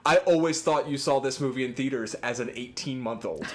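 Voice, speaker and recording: A man's voice: medium pitch, a little fast. A man co-hosting a podcast in casual chat, laid-back and teasing, swearing freely. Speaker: podcast co-host.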